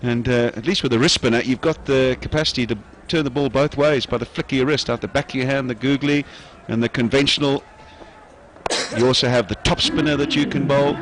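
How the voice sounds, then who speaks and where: A man giving live cricket commentary in a measured way, often pausing with "uh" between phrases. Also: medium pitch, steady tone. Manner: measured, frequent "uh" pauses.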